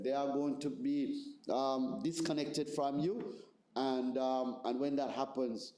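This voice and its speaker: Jamaican pastor guy giving a seminar talk, mellow voice, lots of room echo, keeps saying right?. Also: mid-range voice. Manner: conversational, repeats words, asks "right?". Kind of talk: seminar teaching. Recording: roomy echoey room.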